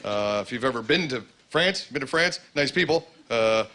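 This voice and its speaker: A man's voice: mid-range voice, animated, normal speed. A man doing a stand-up routine on a comedy club stage, rambling and full of fillers, slipping into mock voices for his characters. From Canada. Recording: loud noisy club ambience.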